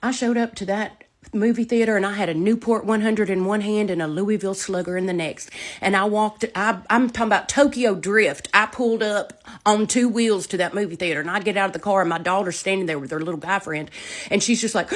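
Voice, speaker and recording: A middle-aged woman telling a story, animated and folksy, with a medium-pitched voice. She swings between a hushed, low delivery and loud, punchy, acted-out lines. Her storytelling is casual and dramatic. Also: fast talker. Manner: animated, dramatic, folksy, full of reenacted quotes.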